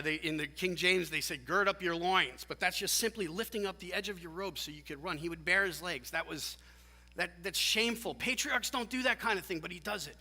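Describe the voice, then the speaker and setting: A man preaching a sermon as pastor, animated and emphatic, often restarting his phrases. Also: a little high. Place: church sanctuary. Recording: long church hall reverb.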